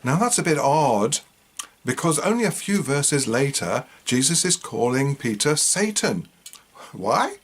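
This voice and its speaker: A man at a middle pitch talks through scripture in a casual, musing way. He often tags his remarks with rhetorical questions. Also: sing-song, unhurried, husky. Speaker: host. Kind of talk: casual retelling and commentary on scripture.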